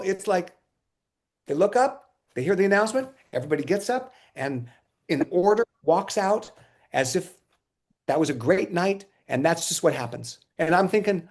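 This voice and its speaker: A man being interviewed, telling casual stories in an animated way, acting out quotes and often laughing. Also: sits high, moderate pace. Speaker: interview guest, musician.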